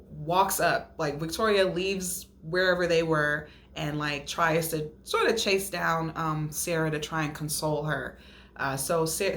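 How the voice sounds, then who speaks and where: A woman host retelling a reality show episode in a casual, gossipy way, laughing and acting out what people said. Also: fairly low pitch. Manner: gossipy, animated retelling with mimicked quotes and laughter. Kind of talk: casual recap chat.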